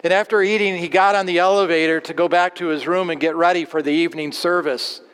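A male pastor preaching a sermon in a church, earnest, repeating words and slowing on key phrases. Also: fairly high pitch, steady tone, fairly bright tone, smooth. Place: church sanctuary. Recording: long church reverb.

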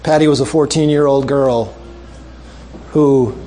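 A male preacher closing a sermon with a story, making earnest, repeated appeals and dropping soft and low for emphasis. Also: fairly even intonation, measured pace, a little hiss or hum.

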